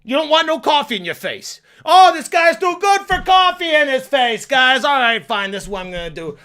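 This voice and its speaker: Guy doing a loud foul-mouthed mobster, high and swinging all over the place, bright and brash. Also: sing-song, very slow, full character voice. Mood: threatening. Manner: blustering, threatening, shouty.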